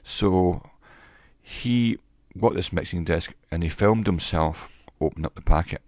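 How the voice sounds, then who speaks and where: A man, a former salesman, telling a wry story to camera in a slow, deliberate way on a cheap microphone. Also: deep voice, darkish tone, no echo, clean studio sound. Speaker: vlogger. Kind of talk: casual monologue to camera.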